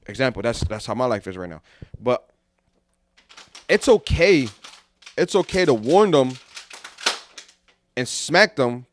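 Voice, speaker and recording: Rambling young man on a podcast. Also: medium pitch. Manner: rambling, repeats himself. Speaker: podcast co-host. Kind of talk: casual chat.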